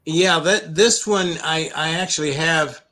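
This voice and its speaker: A middle-aged man from the United States, a program founder telling stories in an interview, with many restarts and an occasional cleared throat. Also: a little high, pushed and bright. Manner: halting, many restarts and repeated words. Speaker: anti-bullying program founder, guest. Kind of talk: conversational interview storytelling.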